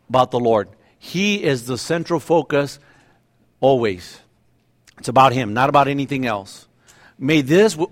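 Speaking in a mid-range voice, a middle-aged male pastor delivers his sermon conversationally and with animation, occasionally acting out different voices.

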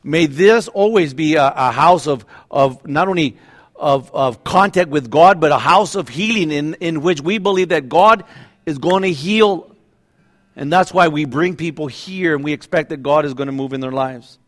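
A middle-aged man pastor preaching a sermon in a conversational, animated way, acting out voices now and then. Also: a little high, moderate pace.

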